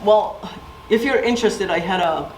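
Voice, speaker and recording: A middle-aged woman speaks at normal speed in a mid-range voice, storytelling and asking her audience questions during a community presentation. Faint music plays behind her, and she's recorded from a distance in an echoey room.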